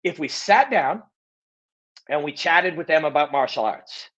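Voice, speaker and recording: A slightly high, a bit bright voice with lively intonation moves at a measured pace on a muffled recording. This middle-aged man hosts a live Q&A, giving a casual monologue in a blunt, emphatic style, cursing freely and restating what he's said.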